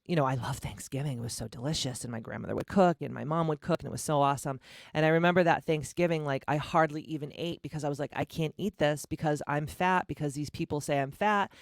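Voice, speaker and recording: A woman's voice: low voice, gravelly, no echo, clean studio sound. A woman from Massachusetts in her forties, hosting her own podcast in a candid, blunt, profane solo monologue full of casual fillers. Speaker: podcast host.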